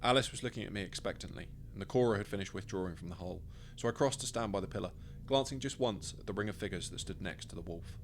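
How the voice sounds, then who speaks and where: Low-voiced man reading a story. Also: quick pace, few pauses, a little hiss or hum. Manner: dry, wry storytelling. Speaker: author reading his own story. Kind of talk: first-person scripted narration.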